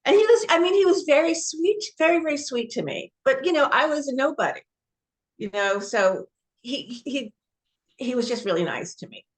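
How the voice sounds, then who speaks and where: A woman's voice: high voice, expressive, normal speed. A woman from New Jersey, an actress guest telling anecdotes in a casual interview. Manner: warm anecdotal storytelling.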